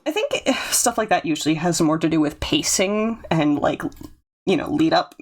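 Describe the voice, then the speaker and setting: A woman chatting casually on a stream who reacts quickly and laughs often. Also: sits low, animated, a little hiss or hum. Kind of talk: casual chat.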